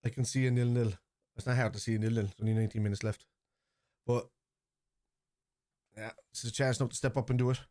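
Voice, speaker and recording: A man with a Cork Irish accent, streaming a live football watchalong, chatting casually and shouting at the referee and players. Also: mid-range voice, fairly even intonation, fast talker, long pauses, dry recording. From Ireland. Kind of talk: live match reaction chat.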